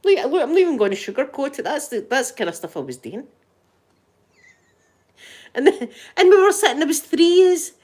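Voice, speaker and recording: A woman's voice: high-pitched, sing-song, fairly quick, long pauses, a little mellow. A middle-aged Scottish woman telling a story to her viewers in easy, casual chat. She laughs her way through the tale and keeps replying to the live chat as she goes. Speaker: ASMR streamer chatting with viewers.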